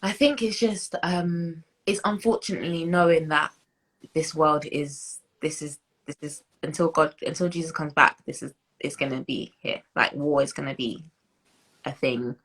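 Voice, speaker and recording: Low-voiced husky young British woman. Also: moderate pace, a bit bright, poor audio. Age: 20s. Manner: reflective, many fillers and restarts, laughs as she tells stories. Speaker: guest. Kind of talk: interview conversation.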